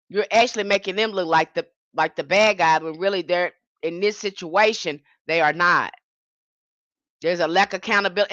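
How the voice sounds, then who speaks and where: A woman speaks straight to her livestream audience with indignant emphasis, often breaking off and restarting. Her voice is bright and sharp. The sound is dry and a little muffled, like a simple home setup. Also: on the low side, moderate pace, no room sound. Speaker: livestream host. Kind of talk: impassioned livestream monologue.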